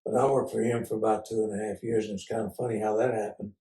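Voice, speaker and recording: An older man from Oklahoma, telling folksy stories as an interview guest and pausing often on "uh". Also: on the low side, flat delivery, dark tone. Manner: folksy, unhurried storyteller with frequent "uh" pauses. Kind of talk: casual storytelling interview. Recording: roomy sound from a distance.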